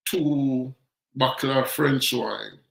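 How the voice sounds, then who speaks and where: A Jamaican man talking in a loose, storytelling way, voicing the people he meets as he goes. His voice sits at an ordinary middle pitch, with a noticeable room echo around it. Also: takes it slowly, creaky. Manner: chatty, storytelling, acts out quotes. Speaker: show host. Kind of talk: casual commentary monologue. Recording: roomy echo.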